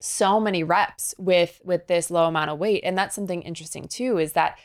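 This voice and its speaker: A young woman speaking as a fitness trainer in an interview, with a slightly low, easy voice. She explains things in an upbeat, coaching way, with lots of practical asides. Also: fairly quick. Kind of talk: podcast interview conversation.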